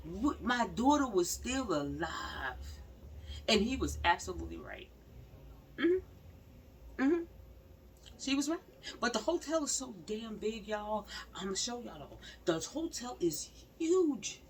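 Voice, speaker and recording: A news-commenting vlogger with a slightly high, sing-song voice and vocal fry talks to her audience at a measured pace, leaving long pauses. Her commentary is casual and emphatic, and she repeats her points as she speaks straight to viewers. A slightly distant mic picks up faint background noise.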